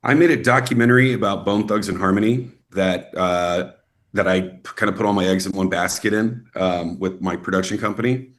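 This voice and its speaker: A young adult man from Texas, an actor guest in a casual interview, telling animated stories and acting out quoted people. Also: brisk. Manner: animated storyteller, acts out quotes with rising pitch.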